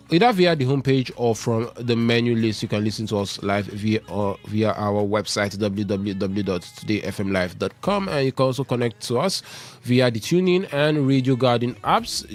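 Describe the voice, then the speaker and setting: A man hosting a live radio sports show, talking through football news and reading out contact details in a brisk, repetitive way. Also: medium pitch. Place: radio studio.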